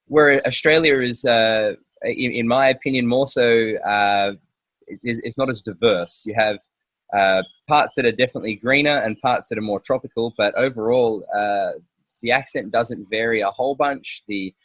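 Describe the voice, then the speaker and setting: A man's voice: medium pitch, moderate pace, fairly bright tone, dry recording. A man hosting a casual interview outdoors, talking hesitantly with many fillers and restarts. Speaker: podcast host.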